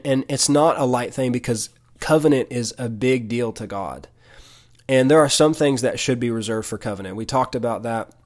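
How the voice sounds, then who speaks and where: A man's voice: mid-range voice, darkish tone. A man teaching from the Bible in an earnest, conversational way, often restarting and repeating words. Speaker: podcast preacher.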